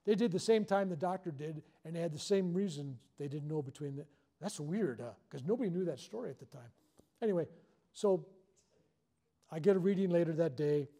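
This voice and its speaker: A man's voice: fairly high pitch, fairly quick, dark tone. A man leading a spiritual workshop, telling a personal story to a live audience in a joking, self-deprecating way.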